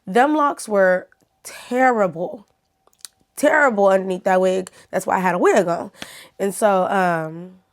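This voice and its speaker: A woman's voice: medium pitch, measured pace. Chatty woman telling a storytime. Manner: chatty, talks straight to viewers. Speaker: YouTuber. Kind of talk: casual storytime vlog.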